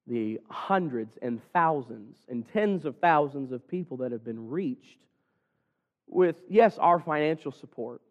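Male preacher, high voice, earnest sermon delivery, lo-fi church recording. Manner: earnest, building to raised pleas.

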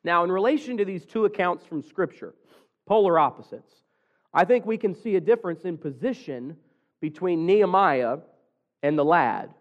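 Male preacher, high voice, earnest sermon delivery, lo-fi church recording. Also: lively intonation, moderate pace. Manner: earnest, building to raised pleas.

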